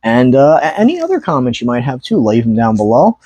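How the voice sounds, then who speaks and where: A man's voice: medium pitch, huge pitch swings, brisk, dark tone, breathy edge, dry recording. A man hosting a heated commentary vlog, ranting angrily with profanity and sudden outbursts. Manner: angry, profane rant with rising outbursts. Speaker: YouTuber ranting about trading card sellers.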